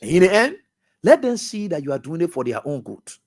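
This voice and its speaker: A man hosting a radio talk show, giving impassioned political commentary that swings from loud outbursts to low muttering. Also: very animated, brisk. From Liberia. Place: radio studio.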